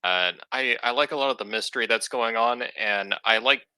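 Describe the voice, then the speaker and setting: A man player in a tabletop game, speaking in a thoughtful, relaxed way. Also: mid-range voice, normal speed, clear, resonant tone, dry recording, rough recording. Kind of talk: casual tabletop game chat.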